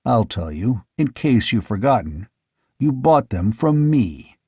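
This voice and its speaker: A bold barbarian warrior king , voiced by a male narrator, with a blunt, gruff way of talking. His voice sits at a mid pitch, grimly amused. The audiobook recording is dry and a little lo-fi. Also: sing-song, a little slow, no room sound, full character voice. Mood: blunt, mocking.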